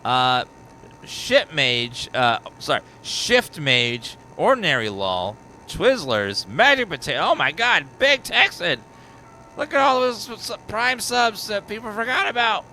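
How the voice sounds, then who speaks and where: A man doing live gameplay commentary on a horror game, excitable and chatty. His bright voice swoops up and down in pitch as he rattles off viewer names. A faint noise sits behind him. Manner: excitable, rapid-fire reading of viewer names. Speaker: game streamer.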